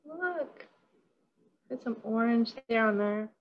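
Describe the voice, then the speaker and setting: A woman's voice: a little high, expressive, takes it slowly, dull audio. A woman caterer leading a casual hands-on workshop over a video call, bubbly and chatty, giggling often.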